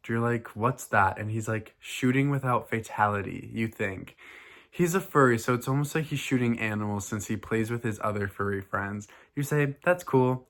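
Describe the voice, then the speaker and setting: A man reading a silly fan fiction aloud for his vlog, in a deadpan, mock-dramatic way. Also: medium pitch. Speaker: vlogger.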